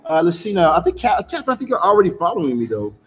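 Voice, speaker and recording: A man chatting casually on a live stream as a tarot reader, pitching spells in a loose, salesy way full of fillers. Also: sing-song, racing, faint music behind, poor audio.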